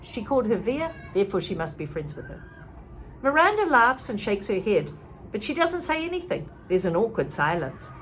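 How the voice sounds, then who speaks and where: Woman, novel read aloud, casual asides, lively animated delivery, faint background hum. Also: medium pitch, moderate pace. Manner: reads in a lively way, stops to comment. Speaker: reader.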